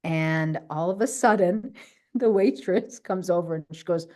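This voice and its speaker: A woman telling a personal story on a video call, animated, often checking in with "right?" and acting out what others said. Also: fairly low pitch, measured pace. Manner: acts out other people's quoted lines. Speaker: guest speaker. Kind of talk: personal story in an online talk.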